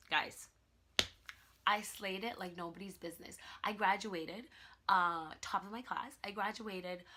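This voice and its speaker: A young woman vlogging in a casual, animated way, telling her story with laughter and emphasis. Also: medium pitch. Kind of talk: casual vlog monologue.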